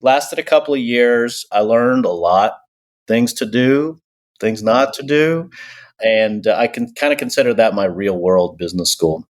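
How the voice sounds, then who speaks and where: A man in his forties from Texas, an agency co-founder telling his story in a relaxed interview over a video call. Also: mid-range voice, a little slow. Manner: easygoing, storytelling, self-deprecating. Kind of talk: casual interview talk. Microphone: remote video call.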